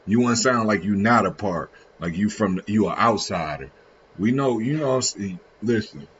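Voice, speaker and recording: Male streamer, low-ish voice, slangy rambling reaction talk, muffled stream audio. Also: lively intonation, normal speed, fairly bright tone, slight background noise. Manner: rambling, slangy, frequent restarts. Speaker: live streamer. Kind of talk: casual reaction commentary. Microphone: streaming setup.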